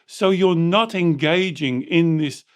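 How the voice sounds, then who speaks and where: A man's voice: a little high, slow, smooth. A man hosting a podcast as a coach, telling client stories and acting out their dialogue. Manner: animated storytelling, acting out dialogue. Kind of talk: podcast discussion with anecdotes.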